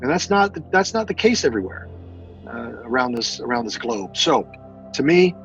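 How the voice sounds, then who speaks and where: Halting earnest veteran man. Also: medium pitch, very animated, dull audio, faint music behind. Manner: earnest, halting, many fillers and repeats. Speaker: military veteran guest. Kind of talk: casual interview.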